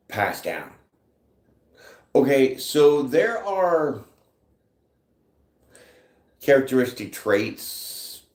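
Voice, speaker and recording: A man hosting a live tarot chat, casual and joking, who reads out viewer comments as he talks. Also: fairly low pitch. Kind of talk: casual live-stream talk. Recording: echoey room.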